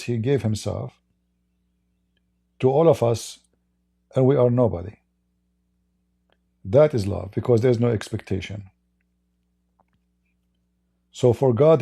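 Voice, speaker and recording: Arab-accented male debater, gravelly and husky, sarcastic, repeats himself, stumbles into restarts. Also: medium pitch, warm tone. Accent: Arabic. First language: Arabic. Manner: sarcastic, repetitive, stammering restarts. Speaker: online religious debater. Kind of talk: addressing viewers in a stream.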